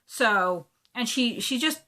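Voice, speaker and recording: A chatty woman talks in a casual show-and-tell style, gushing over each item with plenty of fillers. Her voice sits a little high and sounds bright and forward. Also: expressive, takes it slowly. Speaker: cross-stitch vlogger.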